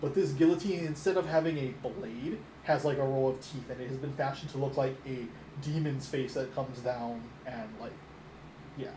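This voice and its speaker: A man's voice: medium pitch, normal speed. Game master, man, loose rambling delivery, echoey room with background noise. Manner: rambling, many fillers, laughs at own descriptions. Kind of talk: narrating a tabletop game.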